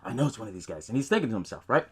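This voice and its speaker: A man's voice: lowish voice, sing-song, racing, fairly bright tone, slightly rough. Man casually recapping a film, swearing. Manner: swears often, laughs, acts out lines from scenes. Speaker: podcast host.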